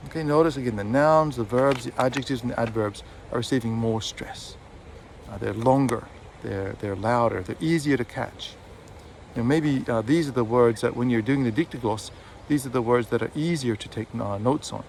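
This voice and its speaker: A man's voice: medium pitch, moderate pace, gravelly, darkish tone, a little hiss or hum. A man, an English teacher, giving a casual, chatty video lesson outdoors by a river while walking his dog, with fillers and self-corrections. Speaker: English teacher and textbook author.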